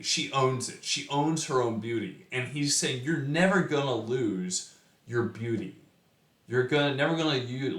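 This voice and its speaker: A man's voice: medium pitch, a bit bright. Chatty man explaining a poem, roomy echo. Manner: conversational, chatty with fillers and frequent "right?". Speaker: poetry teacher. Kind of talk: casual explanatory lesson.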